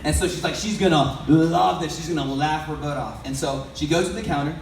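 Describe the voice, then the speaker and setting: In an echoey hall, picked up by a faraway mic amid faint background noise, a man tells a sermon-like story to an audience. His voice sits on the high side with fairly even intonation and a fairly quick pace, and his loose, conversational style includes frequent questions to the crowd.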